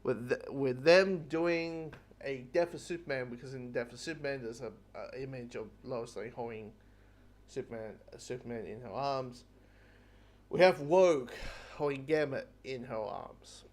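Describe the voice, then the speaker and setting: A man giving a casual spoken review of a TV episode, rambling and excitable and swearing freely. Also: mid-range voice, moderate pace. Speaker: TV show reviewer.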